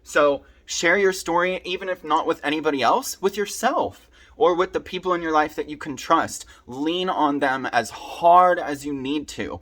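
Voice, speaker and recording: A man's voice: a little high, normal speed, a bit bright. Earnest young man giving heartfelt advice. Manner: earnest, heartfelt, speaks directly to the viewer. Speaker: vlogger sharing his recovery story. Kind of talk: personal advice talk to camera.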